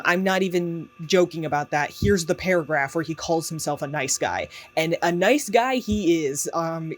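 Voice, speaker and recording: A man giving casual commentary as a YouTube book reviewer, chatty and sarcastic, with lots of fillers and laughs. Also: fairly high pitch.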